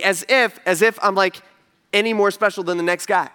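A man's voice: sits high, a little fast, smooth. A male pastor giving a sermon to his congregation, telling stories with casual asides and humor. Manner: animated storytelling with asides to the congregation. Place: church stage before a congregation.

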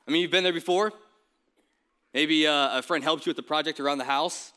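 A man preaching a sermon in a relaxed, everyday way, as if chatting with the congregation. His voice sits a little high for a man and sounds bright and forceful. He keeps tossing in quick asides to the listeners. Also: clean tone. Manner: casual, conversational preaching with frequent "right?" asides. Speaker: pastor.

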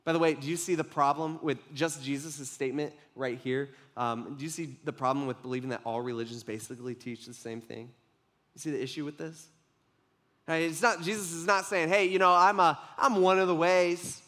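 A man's voice: mid-range voice, a little fast, a bit bright. A young adult man preaching a casual, conversational sermon, tossing in "like" and "right?" as he talks to a congregation.

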